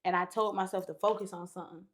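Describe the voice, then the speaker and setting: A woman's voice: lowish voice, steady tone, quick pace. A young woman, a podcast guest, telling a story in casual chat, candid and profane, acting out what people said.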